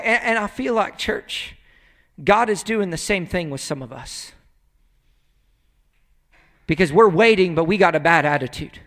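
A male pastor preaching a conversational sermon, acting out little dialogues and swinging between loud outbursts and hushed, emotional moments. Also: sits high, animated, unhurried, long pauses, in a large hall.

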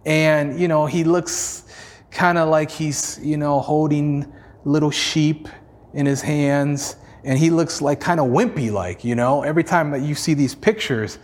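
A man's voice: fairly high pitch, fairly even intonation, a little slow. A male pastor preaching a sermon in an emphatic, repetitive style, sprinkled with "you know" and small chuckles.

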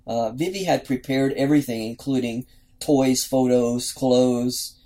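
Guy talking thru a book chapter really slowly, lots of uh and you know, mid pitch. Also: fairly even intonation, warm tone. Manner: unhurried, musing, many fillers and restarts. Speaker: book club host. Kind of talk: casual book discussion, reading passages aloud.

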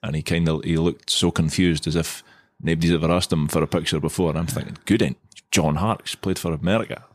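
Deep-voiced Scottish man telling a story. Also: fairly even intonation, fairly quick, no echo. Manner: rambling, self-mocking anecdote teller. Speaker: podcast co-host. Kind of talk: casual storytelling chat.

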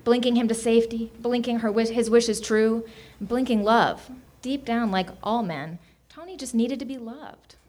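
A woman comedian reading an absurd comic story aloud with deadpan delivery in a small comedy showroom. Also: on the high side, normal speed. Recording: noisy live venue recording.

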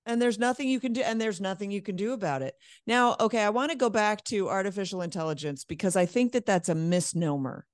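A woman hosting a casual interview, chatty and quick to interject. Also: mid-range voice, no echo, clean studio sound. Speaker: interview host.

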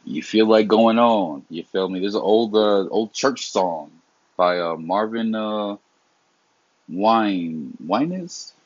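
Husky low-voiced man ranting, profane. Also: slow pace, no room sound, muffled recording. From immigrant family. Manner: heated, profane, rambling with restarts. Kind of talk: casual unscripted monologue.

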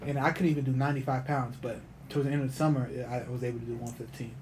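Fast-talking young man, excitable. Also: mid-range voice, slight background noise, poor audio. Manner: excitable, rambling with restarts. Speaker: football player. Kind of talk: casual chat.

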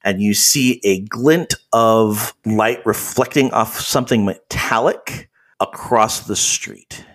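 Game master narration, man, lower voice, descriptive and halting. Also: a bit bright.

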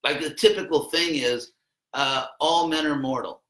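A man with a bright, slightly raised voice gives a loose, chatty lecture to a class. He wanders off into dry little asides and then comes back to his point. The sound is roomy, with echo from the classroom. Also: on the high side, normal speed. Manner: rambling, conversational, with wry asides.

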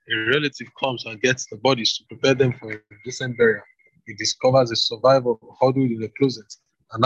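A man reading scripture aloud at a brisk, hurried pace. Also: medium pitch, breathy edge, dry recording, dull audio. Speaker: scripture reader.

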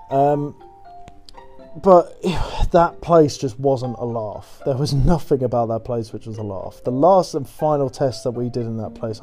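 A man's voice: mid-range voice, warm tone. A young man casually telling a rambling, sweary story and laughing at his own tales. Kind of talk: casual anecdote.

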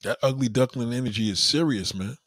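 A man with a mid-range voice hosts a casual chat at a fairly quick pace, captured in clean studio sound without echo. He tells profane, animated stories, imitating the people he quotes.

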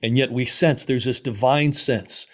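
Man, podcast host, interview, emphatic affirmations, middle pitch. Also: a little slow, a bit bright.

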